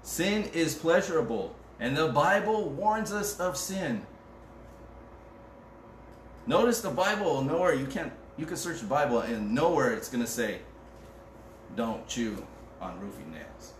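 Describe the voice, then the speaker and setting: A man's voice: on the high side, animated, measured pace. A man preaching a conversational sermon as pastor, joking casually and reading scripture aloud. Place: church. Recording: roomy and distant with background noise.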